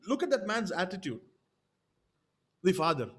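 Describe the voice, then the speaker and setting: A man with a high voice preaches a sermon as pastor. He talks emphatically and repeats his points, often stopping to check in with the congregation through rhetorical questions. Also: big pitch swings, a little slow, husky.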